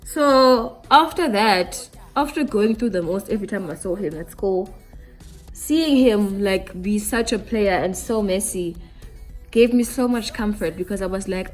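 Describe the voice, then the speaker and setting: A woman's voice: medium pitch, lively intonation, measured pace, soft background music. A young woman telling a candid storytime to her viewers while doing her makeup, casual and slangy. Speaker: beauty vlogger.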